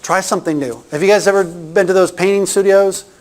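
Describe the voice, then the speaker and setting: A man's voice: sits high, steady tone, fairly quick. A middle-aged man giving a casual workshop talk, chatty and anecdotal, often restarting his sentences. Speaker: workshop presenter.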